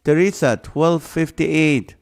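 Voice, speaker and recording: Male livestream host, slow unhurried delivery, playful, reads viewer guesses aloud. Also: fairly high pitch. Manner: jokey, playful. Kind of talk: live-stream chat reading viewer comments.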